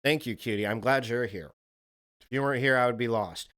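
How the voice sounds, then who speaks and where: A man's voice: medium pitch, fairly quick, a bit bright. A man hosting a livestream, reacting to a video and chatting casually with viewers in a rambling, profane way. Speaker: livestream host.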